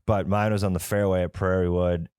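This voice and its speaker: A young man with a lowish voice co-hosts a casual golf podcast. He tells stories full of swearing and acts out both sides of the exchange. The recording is dry and close. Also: flat delivery, fairly quick, a little mellow, smooth, no echo. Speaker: podcast co-host. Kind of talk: casual chat.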